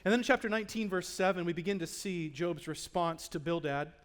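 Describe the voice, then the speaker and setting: A man to a church congregation. He delivers the sermon theatrically, giving voice to the people in the story and shifting from near-whispers to loud cries as he talks straight to the people in the pews. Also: sits high, fairly quick. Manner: dramatic, acts out the speakers in the story he preaches on; swings from hushed to loud, speaks directly to the congregation. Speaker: pastor. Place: church in front of a live congregation.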